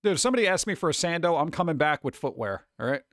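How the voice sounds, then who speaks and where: A man's voice: a little high, very animated, racing, a bit bright, dry recording, clean studio sound. A man from New York with a New York accent, hosting a casual livestream and reacting to chat in a sarcastic, mock-exasperated way. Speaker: streamer host.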